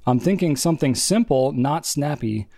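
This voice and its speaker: A young man co-hosting a podcast in casual chat, talking in chatty, rambling runs with quick asides. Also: on the high side, lively intonation, warm tone, no echo, clean studio sound. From family from New England. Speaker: podcast co-host.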